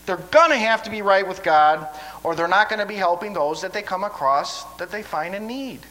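Guy preaching a sermon, folksy and stammery, kinda high bright voice. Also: moderate pace, poor audio. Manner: stammering restarts, folksy asides.

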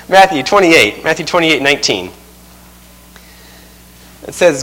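A man's voice: on the high side, big pitch swings, takes it slowly, long pauses, fairly bright tone. A man preaching a sermon as a missionary, telling stories with a chuckle in a folksy way. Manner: chuckles through his own anecdotes, folksy. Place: church sanctuary. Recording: long reverb of a church hall.

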